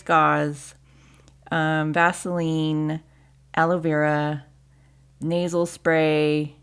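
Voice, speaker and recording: Woman, lowish voice, casual chat, animated storyteller, swears freely, acts out quotes. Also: smooth. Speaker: podcast guest host, sports mom; nurse.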